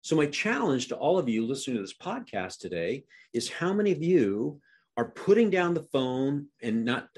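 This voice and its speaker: A man's voice: on the high side, darkish tone, slightly rough. A middle-aged man coaching real estate agents on a podcast, emphatic and asking his listeners questions.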